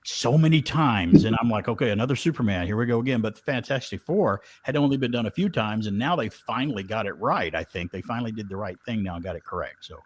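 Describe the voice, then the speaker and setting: A man's voice: on the low side, animated, brisk, hardly any pauses, a little hiss or hum. A man co-hosting a casual retro film podcast, chatty and enthusiastic, often repeating himself. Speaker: podcast co-host. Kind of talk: casual chat.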